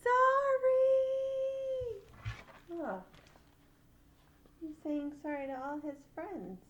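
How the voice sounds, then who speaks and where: An older woman, a great-aunt, reading a picture book aloud to children in an animated, playful way, pausing to ask questions. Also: high-pitched, dull audio, slight background noise.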